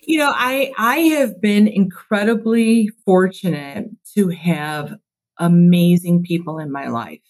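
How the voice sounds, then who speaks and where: Earnest low-voiced woman executive. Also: slow, darkish tone, poor audio. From Chicago, USA. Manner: earnest, reflective, laughs at herself. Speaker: construction executive, podcast guest. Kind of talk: casual interview storytelling.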